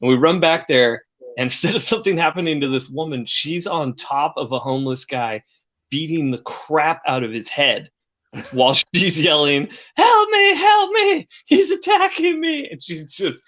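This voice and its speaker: A man's voice: a little high, moderate pace, a bit bright. A man in casual podcast chat, telling a crude, joking anecdote and acting out the screams in it. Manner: joking storyteller, acts out screams. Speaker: podcast co-host.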